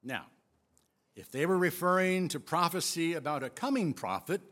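A man preaching a sermon, retelling scripture with expressive, emphatic storytelling. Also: fairly high pitch, normal speed. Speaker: pastor.

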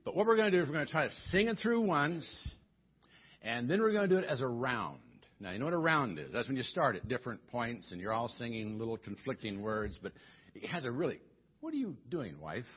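Husky, lively-voiced man leading church singing. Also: medium pitch, fast, muffled recording. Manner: chatty, joking, coaxing. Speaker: pastor. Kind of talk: sermon leading congregational singing. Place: church sanctuary.

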